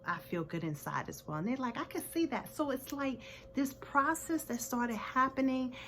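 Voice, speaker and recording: A woman's voice: high-pitched, expressive, moderate pace, pushed and bright, a little hiss or hum. A woman in her forties giving a personal motivational talk to camera, earnest and reflective. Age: 40s. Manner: earnest, reflective, many fillers. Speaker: vlogger.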